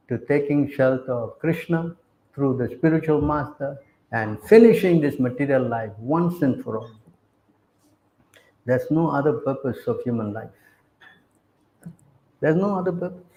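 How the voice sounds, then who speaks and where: Slow, emphatic male preacher, fairly high voice, echoey room. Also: dark tone. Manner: questions the audience again and again. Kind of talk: sermon.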